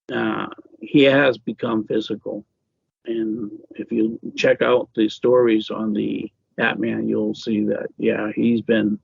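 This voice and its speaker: Speaking as an author guest in a relaxed interview, this man has a husky, gravelly voice on the low side and a halting delivery packed with fillers and false starts. There's no echo; the audio is dry, a bit dull, and lo-fi.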